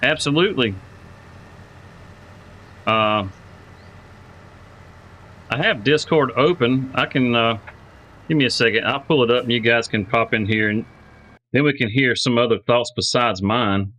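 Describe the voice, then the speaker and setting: Unhurried and pausing often, a man with a mid-range, pushed, bright voice streams a farming game on a low-quality recording. He talks casually with viewers, says hello to them by name, and thinks aloud with many repeated words.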